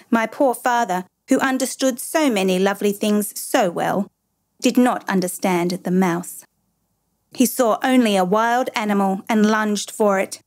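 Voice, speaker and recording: A woman's voice: mid-range voice, a little mellow. A woman reading a storybook. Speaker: narrator.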